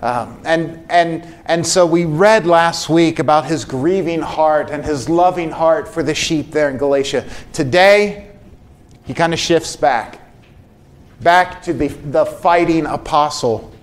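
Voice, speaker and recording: A pastor gives a sermon in a high, clear tenor and talks to his flock in an earnest way. His voice climbs and gets stronger when he stresses a point. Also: unhurried. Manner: earnest preaching, voice rising for emphasis.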